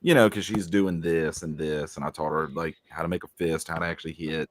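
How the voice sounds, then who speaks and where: A man's voice: very deep voice, fairly even intonation, brisk, no room sound. A father co-hosting a podcast, speaking in a candid, confessional way in casual chat.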